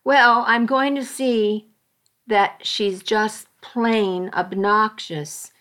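A sly, cynical young schemer, read by a woman narrator. She drawls her lines at an unhurried pace, wry and knowing, her voice sitting at a middling height. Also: mid-range voice, fairly even intonation, fairly bright tone. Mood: scheming.

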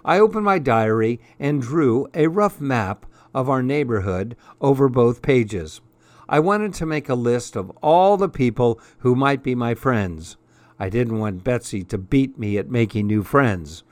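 A man narrating a first-person story in a measured, expressive audiobook style. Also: medium pitch, no echo.

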